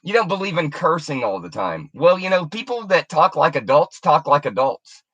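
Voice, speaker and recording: A woman rants into her camera, confrontational and full of curses. Her voice is bright and tense, with a lively pitch that jumps around. The sound is dry and close. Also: moderate pace, slightly rough, no echo. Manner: profane, confrontational, taunting. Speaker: YouTuber. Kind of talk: angry video rant.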